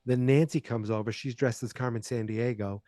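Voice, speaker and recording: Male podcast host, relaxed and dark-toned, rambling chatty recap, dry booth sound. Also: mid-range voice, moderate pace, dry recording. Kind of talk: casual movie recap.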